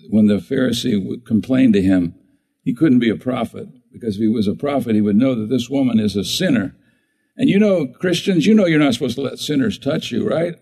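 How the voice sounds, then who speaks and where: A man's voice: lowish voice, creaky, mellow, slightly rough, rough recording. A man preaching a sermon in a conversational way, often asking the congregation questions. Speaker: pastor.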